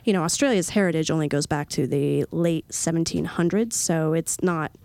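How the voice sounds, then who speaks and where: A woman travel editor chatting casually and recommending places in a relaxed way. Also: deep voice, normal speed, vocal fry. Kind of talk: casual podcast chat.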